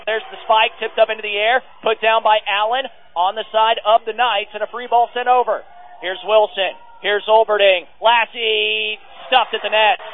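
A man calling a game as a radio play-by-play announcer, giving rapid calls that rise to excited shouts on big plays. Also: high voice. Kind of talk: radio sports play-by-play commentary. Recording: tinny phone-like radio line with faint noise.

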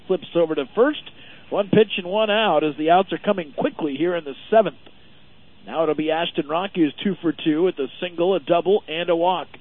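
A man giving play-by-play commentary on a baseball game for a radio network, steady and full of stats. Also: on the high side. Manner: steady, informative, stat-heavy. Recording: narrow phone-like radio audio.

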